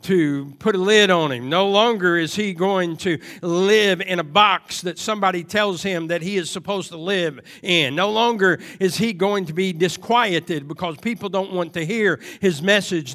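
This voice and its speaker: A man preaching a sermon, moving from quiet, hushed passages to loud, emphatic cries and repeated phrases. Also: high voice.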